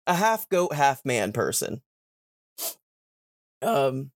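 A man's voice: medium pitch, big pitch swings, no echo. A young man hosts a podcast, retelling a plot in a loose, chatty way. His voice sits in a middle register. The sound is dry and close, with no room around it. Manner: retells the plot with quick put-on character voices. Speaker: podcast host. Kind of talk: casual chat, retelling a story.

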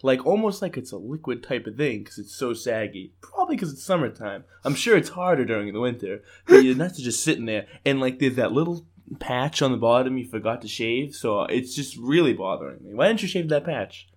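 A man's voice: medium pitch, expressive, brisk. Giggly podcast guy, voice jumps all over, rambles crude jokes. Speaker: podcast co-host. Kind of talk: casual comedy podcast chat.

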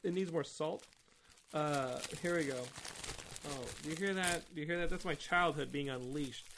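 A man hosting a podcast alone, rambling in an excited, nostalgic, self-mocking way. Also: a little high, moderate pace, slight background noise. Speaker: podcast host. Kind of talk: casual solo podcast talk.

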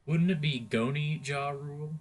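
A man's voice: fairly high pitch, normal speed. A man co-hosting a podcast in casual chat, rambling and laughing easily. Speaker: podcast co-host.

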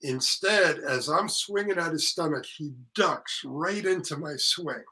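An older man, an actor and author, casually telling animated stories in an interview, acting out quotes and swearing freely. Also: a little high, unhurried, low-quality recording.

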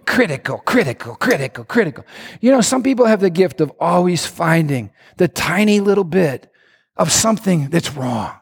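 Brief: animated male pastor, very high voice, reverberant church hall. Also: moderate pace, vocal fry, husky. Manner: animated, shouting at peaks, call-and-response. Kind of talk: sermon.

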